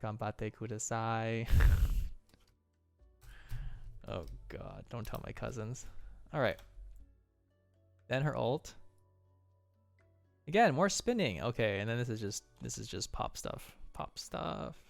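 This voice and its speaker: Gravelly man breaking down animation. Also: medium pitch, sing-song, unhurried, pauses often, faint music behind. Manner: enthusiastic, playful exclamations. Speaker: animator streamer.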